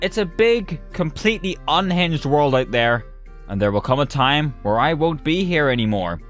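Animated man reading absurd fill-in stories. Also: on the high side, faint music behind. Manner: animated, breaks into laughter, rushes asides. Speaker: streamer. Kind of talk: reading silly fill-in-the-blank stories aloud.

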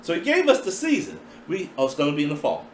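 A man preaching a sermon in a playful, animated way, acting out voices as he teaches. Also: a little high, quick pace, echoey room, a little hiss or hum.

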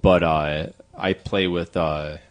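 Low-voiced, rambling tipsy man. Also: steady tone, slow pace. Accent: Chicago. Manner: rambling, trailing off, many fillers. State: tipsy from drinking. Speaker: podcast co-host and musician. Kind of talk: casual chat.

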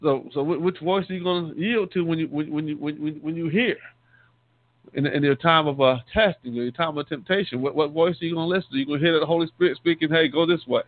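Higher-voiced deacon preaching over a tinny line. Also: male voice, fast talker, no room sound. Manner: repeats and restarts words, calls listeners "saints". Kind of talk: conversational sermon teaching. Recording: tinny phone-line sound, dry.

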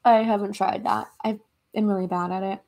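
Speaking from her home in Los Angeles, this young American livestreamer chats casually, reads out what viewers wrote and giggles as she answers. Her voice is medium-pitched, steady and fairly quick, with a darkish tone.

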